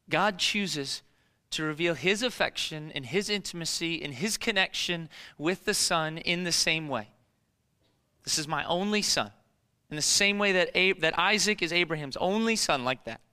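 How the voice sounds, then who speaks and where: A man preaching a sermon in a dramatic storytelling way, moving between hushed and emphatic delivery. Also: fairly high pitch, animated, a little slow, clear, resonant tone. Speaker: pastor.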